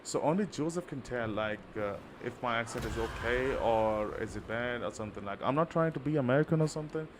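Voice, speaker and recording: A man's voice: medium pitch, fairly quick, few pauses, a little hiss or hum. A man from India with an Indian accent, chatting casually and rambling with many fillers while livestreaming a game. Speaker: livestreaming gamer. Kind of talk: casual live-stream chat.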